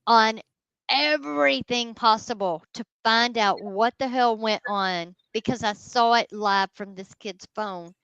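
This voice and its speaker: Lively woman telling a ghost story. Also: fairly high pitch, measured pace, clean tone, no room sound, dull audio. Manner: animated, addresses listeners as y'all. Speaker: guest ghost hunter. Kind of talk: casual storytelling.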